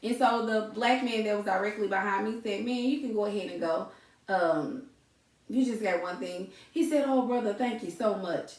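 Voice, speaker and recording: Lady podcast host, animated storytelling, roomy echo, sounds a bit far from the mic. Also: mid-range voice, normal speed. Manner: animated, laughs often, addresses listeners as y'all. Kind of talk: casual storytelling chat. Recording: echoey room, distant mic.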